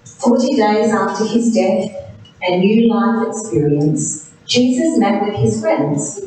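Slow, echoey woman narrating a Bible story. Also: medium pitch, animated, darkish tone. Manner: slow, deliberate, in short phrases. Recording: very echoey room, distant mic, faint hiss.

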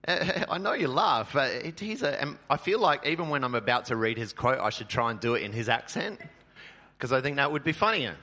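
Bright-voiced joking male pastor. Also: mid-range voice, expressive, fairly quick. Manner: chatty, joking, many filler ums. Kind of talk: sermon. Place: church.

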